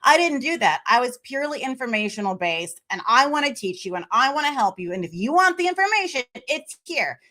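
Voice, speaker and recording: Bright, animated woman guest. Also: sits high, brisk, few pauses. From Memphis, United States. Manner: animated, acts out quoted voices. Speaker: podcast guest. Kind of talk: casual conversation.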